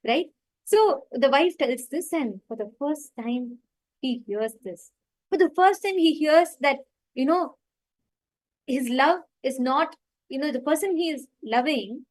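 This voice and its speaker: A woman's voice: high voice, rough recording. A woman telling a devotional story in an earnest, unscripted way, full of fillers like "like" and "you know". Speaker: spiritual storyteller. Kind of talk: spiritual storytelling talk.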